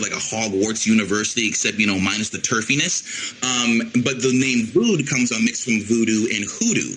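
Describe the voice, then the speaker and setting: A man's voice: lowish voice, sharp tone, slight background noise, low-quality recording. A man speaking as a guest in a casual podcast interview, explaining his ideas in an earnest way. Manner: earnest, explanatory, with some restarts. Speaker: guest, animated show creator.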